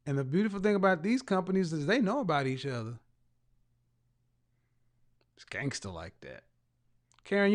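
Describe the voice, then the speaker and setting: A man's voice: sits high, smooth. A man hosting a casual livestream, reading out viewer comments in a mocking, teasing way. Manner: bursts of loud laughter. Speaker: live show host reading viewer comments.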